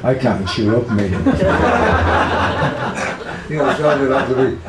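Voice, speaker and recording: A man's voice: medium pitch, huge pitch swings, slow. An older man with a Liverpool accent, casually reminiscing about his brother in an interview, rambling with many fillers and restarts. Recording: echoey room, faint background hiss.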